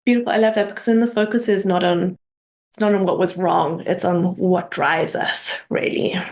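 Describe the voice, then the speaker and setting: A woman hosting a podcast interview, responding warmly and affirming her guest. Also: fairly low pitch, fairly even intonation, normal speed. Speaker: podcast host.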